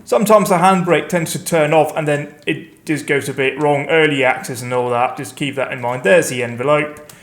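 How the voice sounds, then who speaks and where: A man talks his way through a game, rambling and poking fun at himself as he goes. His voice sits a little higher than most men's. Every so often he breaks into panicked outcries. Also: normal speed. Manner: chatty, rambling, self-mocking. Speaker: let's play host. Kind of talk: gameplay commentary.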